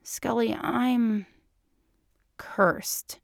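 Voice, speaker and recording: A woman's voice: medium pitch, unhurried, gravelly, no room sound, clean studio sound. A woman doing a mopey, sheepish male agent.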